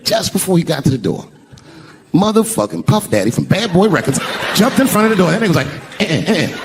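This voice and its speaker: A man telling a profane stand-up story on stage, breaking into shouted impressions. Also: high voice, big pitch swings, fast, creaky. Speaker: stand-up comedian. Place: comedy stage before a live audience. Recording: live show with crowd laughter and noise.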